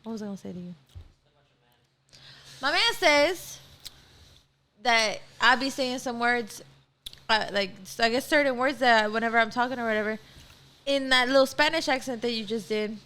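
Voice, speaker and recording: A woman co-hosting a relaxed talk show, chatty and easygoing. She drops Spanish phrases into her English, and her voice is bright and a little high. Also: normal speed, clean tone. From Texas. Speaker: co-host. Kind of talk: casual chat.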